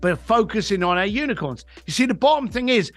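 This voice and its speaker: A man's voice: high-pitched, a little fast, soft background music. A man, a coach and author telling emphatic stories as a podcast guest and acting out the quotes. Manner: animated storyteller, emphatic, acts out quotes. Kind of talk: podcast interview storytelling.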